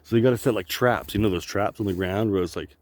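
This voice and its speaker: A man's voice: lowish voice, fast talker, a little mellow, dry recording. A man rambling through a joking, profane solo monologue, laughing often. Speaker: vlogger.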